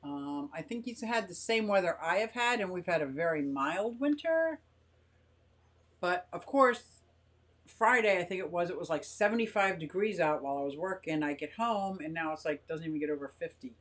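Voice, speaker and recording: A woman's voice: on the low side, lively intonation, normal speed, fairly bright tone. An older woman hosting a casual live stream from her home garage, chatting in a rambling way and reading viewer comments aloud.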